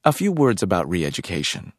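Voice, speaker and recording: Audiobook: deep-voiced man narrating in a measured, reflective way, dry close sound. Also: huge pitch swings, dry recording.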